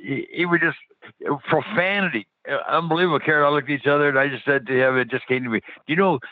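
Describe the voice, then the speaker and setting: As a guest on a radio interview, a passionate man shares faith testimonies, speaking eagerly at a quick pace and repeatedly restarting his sentences. His medium-pitched voice comes across dry and tinny, like it's coming through a phone line.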